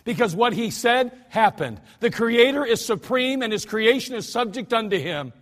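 A man preaching a sermon as pastor, talking conversationally and dropping to quiet spoken lines before sudden shouted demonstrations. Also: extremely high pitch, lively intonation, moderate pace. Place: church sanctuary.

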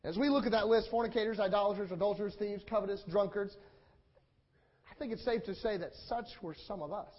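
A man's voice: high-pitched, fast. A man preaching a sermon with passion, repeating phrases in rhetorical build-ups and acting out the quotes. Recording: dull lo-fi sound.

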